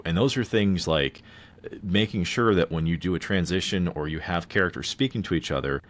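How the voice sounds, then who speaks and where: Deep-voiced rambling male podcast co-host. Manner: rambling, many restarts. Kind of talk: casual movie review chat.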